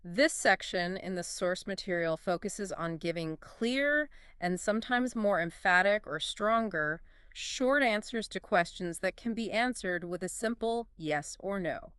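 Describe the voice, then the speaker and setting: A woman co-hosting a scripted English lesson, clearly modelling phrases for learners to practise. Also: medium pitch, animated, unhurried, few pauses, a bit bright, dry recording, clean studio sound. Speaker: English teacher co-host. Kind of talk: scripted language lesson dialogue.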